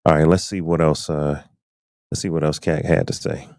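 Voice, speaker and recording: A man's voice: very deep voice, steady tone, normal speed, darkish tone, no room sound, clean studio sound. A man hosting a live podcast stream, chatting loosely and speaking straight to his viewers. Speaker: podcast host. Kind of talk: casual live-stream commentary.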